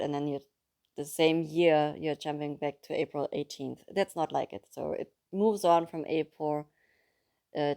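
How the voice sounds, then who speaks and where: A woman's voice: sits low, vocal fry, warm tone. A woman with a German accent, a native German speaker, chatting casually about a book and reading from it aloud, in a chatty, apologetic way. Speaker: book reader.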